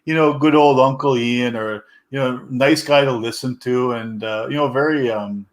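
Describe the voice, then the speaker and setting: A man's voice: mid-range voice, fairly even intonation, normal speed. A man hosting a casual chat, rambling and searching for his words.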